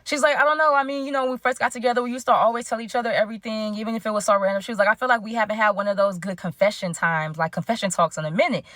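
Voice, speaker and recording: A young adult woman telling her own story on a live show in a casual, animated way, often calling listeners "y'all" and acting out what others said. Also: on the high side, racing, hardly any pauses, no echo, clean studio sound. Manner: animated, addresses listeners as "y'all", acts out quoted dialogue.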